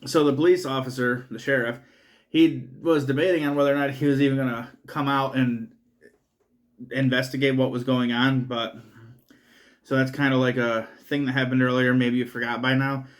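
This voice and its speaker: A man's voice: mid-range voice, level tone, normal speed. A man giving a casual spoken film review, rambling through the plot with frequent swearing and laughter. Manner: profane, laughing, rambling recap. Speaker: movie reviewer.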